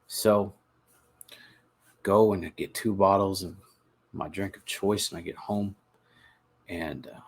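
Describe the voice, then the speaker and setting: A man with a low, gravelly voice that turns husky at the edges. He narrates his own story in a confessional way, earnest and halting. He repeats words and restarts his sentences as he goes. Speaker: podcast host telling his recovery story.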